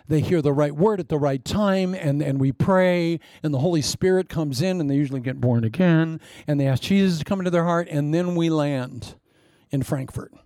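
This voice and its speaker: An older male pastor with a gravelly, slightly raised voice tells jokey, self-mocking sermon stories. His delivery is dry and close, with little room sound, and he acts out the people he quotes. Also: on the high side, moderate pace, warm tone, dry recording. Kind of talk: humorous storytelling sermon.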